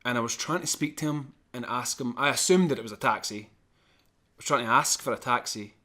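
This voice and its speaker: A man co-hosting a podcast, telling a long personal anecdote in an animated, chatty way and chuckling now and then. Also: medium pitch, fairly quick. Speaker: podcast co-host. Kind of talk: casual storytelling.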